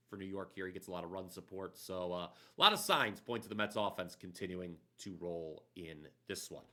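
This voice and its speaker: Betting-show host, male, upbeat announcer manner, lower pitch, bright edge. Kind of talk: casual sports betting talk.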